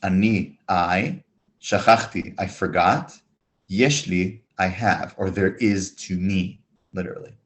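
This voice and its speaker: A man teaching a beginners' Hebrew lesson, explaining words slowly and clearly and sounding them out. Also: low voice. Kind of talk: recorded beginner language lesson.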